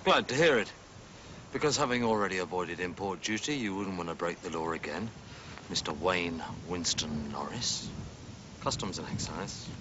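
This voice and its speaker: An actor playing a polite, smug customs officer who speaks slyly in a TV drama. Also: male voice, deep voice, moderate pace, noisy background, natural voice. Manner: politely sly. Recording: dull lo-fi TV audio.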